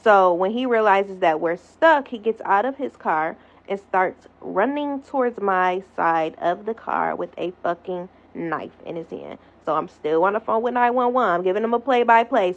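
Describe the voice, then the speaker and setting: A young woman telling a wild storytime in an animated, profane manner, acting out the voices she quotes. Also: mid-range voice, normal speed. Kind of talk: storytime monologue. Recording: slightly dull lo-fi audio.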